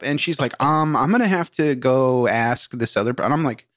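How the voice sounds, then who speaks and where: A man's voice: a little high, expressive, a little fast, hardly any pauses, a bit bright, no room sound, clean studio sound. A man co-hosting a podcast in casual comedic chat, joking and swearing as he trades stories. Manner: playful, profane banter. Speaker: podcast co-host.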